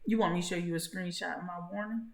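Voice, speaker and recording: A woman hosting a live-streamed gossip chat, talking bluntly and loudly with a lot of swearing. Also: on the low side, steady tone, fast, roomy sound. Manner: blunt, profane and loud. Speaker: host.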